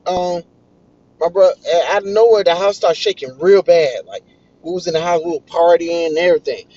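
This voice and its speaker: Guy, kinda high voice, all worked up telling a story, dry dull audio. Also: moderate pace. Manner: excitable, animated retelling. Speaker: vlogger. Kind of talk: casual storytelling.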